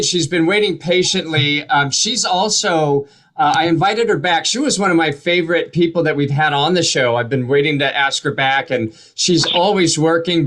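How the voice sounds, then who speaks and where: A man hosting an online comedy show over a video call, introducing comedians with easygoing banter and fillers. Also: on the high side. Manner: relaxed, friendly banter with fillers. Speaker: show host.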